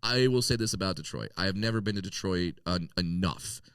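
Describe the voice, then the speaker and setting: A man's voice: sits low, lively intonation, brisk, a bit bright, smooth, no room sound. A man talking loosely as a comedian guest in a casual interview, joking, swearing freely and restarting sentences.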